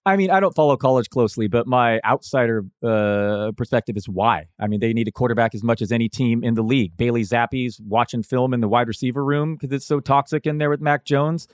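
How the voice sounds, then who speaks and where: A man co-hosting a fantasy football podcast, talking casually in a halting way, stopping and restarting his thoughts. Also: mid-range voice, clear, resonant tone, no echo, clean studio sound. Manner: halting, lots of fillers and restarts, chuckles now and then. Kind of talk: casual sports analysis chat.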